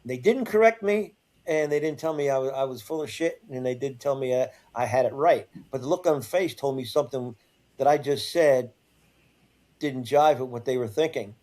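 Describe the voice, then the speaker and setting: An older man, a guest on an interview show, telling a first-person story in a halting way, repeating and restarting words. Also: mid-range voice, a little mellow.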